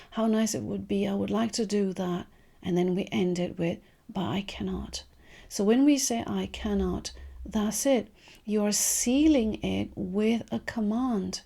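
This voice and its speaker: A woman giving a gentle spiritual guidance talk, speaking softly and often trailing off into whispers. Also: medium pitch, vocal fry. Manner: soft, slow, trailing into whispers. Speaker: spiritual teacher.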